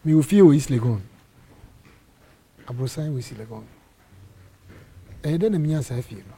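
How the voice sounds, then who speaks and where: A middle-aged man from Ghana, an apostle, telling animated stories in an interview and acting out the dialogue. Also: mid-range voice, moderate pace, husky. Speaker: apostle and church area head. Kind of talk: storytelling interview testimony.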